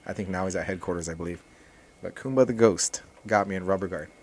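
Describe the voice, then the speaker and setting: A man who teaches jiu-jitsu, talking casually as a podcast guest in a relaxed, rambling way with many restarts. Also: deep voice, fast.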